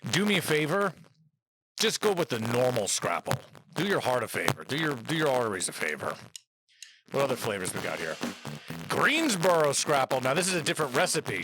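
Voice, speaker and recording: Lively, wry man hosting a tasting show. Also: medium pitch, rough recording. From New Jersey. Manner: chatty, wry, joking. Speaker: host. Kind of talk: casual food-tasting vlog.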